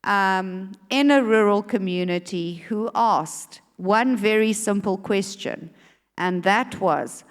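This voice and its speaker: A woman panelist telling a measured story during remarks at a public dialogue. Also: mid-range voice, smooth. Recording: long reverb of a venue hall.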